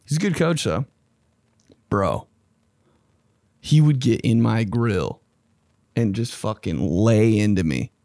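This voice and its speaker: A young man hosting a casual podcast monologue, excitable and slangy, swearing freely and often jumping into high mocking voices. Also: takes it slowly, long pauses, dry recording, clean studio sound. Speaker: podcast host.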